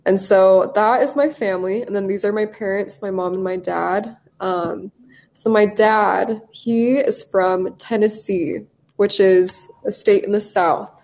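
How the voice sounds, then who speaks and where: An upbeat young woman in her twenties teaches a live online class over a video call. She talks casually, with friendly fillers and quick encouragement, in a voice of middle pitch. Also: fairly even intonation, darkish tone. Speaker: English teacher.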